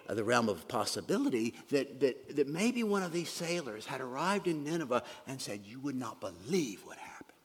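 Gravelly husky preacher in a reverberant hall. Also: male voice, medium pitch. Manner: earnest, drops to soft whispers for emphasis. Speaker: pastor. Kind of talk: sermon.

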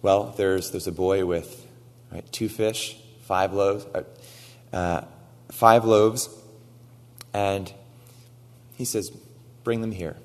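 Lively preacher man in a hall. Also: sits low, slow pace, long pauses. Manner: animated storytelling, acting out quoted lines; frequent "right?" asides. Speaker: pastor. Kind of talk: sermon.

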